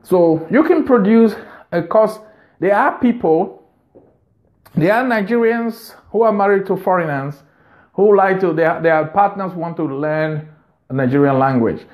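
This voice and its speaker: A man's voice: high-pitched, expressive, unhurried, a little mellow. A man hosting a video, giving business advice in an unscripted monologue, earnest and repeating phrases for emphasis.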